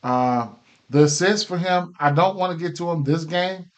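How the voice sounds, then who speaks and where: A man runs through his sports betting picks in a loose, easygoing way, full of fillers and restarted phrases. His voice sits slightly high for a man, and a case of the hiccups breaks in now and then. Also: moderate pace. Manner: loose, filler-heavy, repeats himself. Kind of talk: casual betting picks talk.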